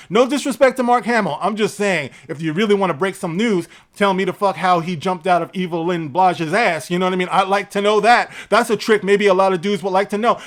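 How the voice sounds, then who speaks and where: Male vlogger with a high voice, sarcastic and profane in his commentary. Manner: sarcastic, profane, laughs often. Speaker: entertainment news vlogger. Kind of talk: ranting commentary.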